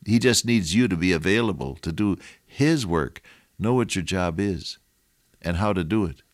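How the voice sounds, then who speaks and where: Deep-voiced older radio preacher. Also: male voice, a little slow, dry recording, clean studio sound. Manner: earnest, repetitive exhorting with storytelling asides. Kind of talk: radio sermon.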